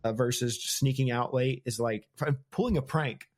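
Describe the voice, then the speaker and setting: Speaking at normal speed with a mid-range voice, this young man from the United States runs a podcast where he casually recaps book chapters. Frequent laughter and slangy character voices for the scenes shape his relaxed book-chat delivery.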